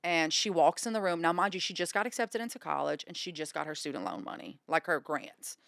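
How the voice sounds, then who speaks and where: A woman from Louisiana, a podcast guest telling her recovery story in a lively way and acting out what people said. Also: brisk, gravelly, no room sound, clean studio sound. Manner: animated, acts out quoted dialogue with pitch jumps. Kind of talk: candid storytelling about recovery.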